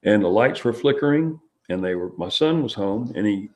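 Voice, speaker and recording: Low-voiced man telling a story. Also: expressive, darkish tone. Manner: rambling, halting storytelling with many restarts. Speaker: interview guest. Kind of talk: recounting a personal experience.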